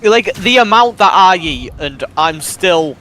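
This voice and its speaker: A man's voice: high voice, animated, a little slow, sharp tone. Rambling British guy on a call. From northern Britain. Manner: rambling, lots of fillers. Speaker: stream guest. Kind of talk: casual chat.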